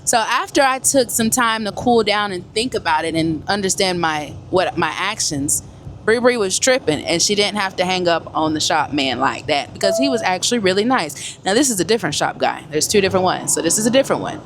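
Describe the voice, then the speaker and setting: A woman truck driver chatting casually to her viewers from the cab while driving, animated and talkative. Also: mid-range voice, a little fast. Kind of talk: casual vlog chat to viewers. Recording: loud road and engine noise. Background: truck road noise.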